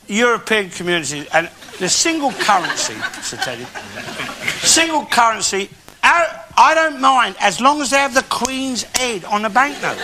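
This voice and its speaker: An actor playing a bigoted, blustering older Londoner with a Cockney accent, boasting and ranting coarsely in a live character monologue. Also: male voice, high voice. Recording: live theatre with loud noise and laughter.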